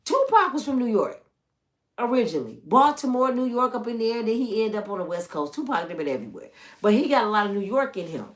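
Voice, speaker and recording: A woman's voice: on the high side, sing-song, fast talker. A middle-aged woman from the United States chatting casually and teasingly as a channel host, drawling and chatty. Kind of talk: casual gossip commentary.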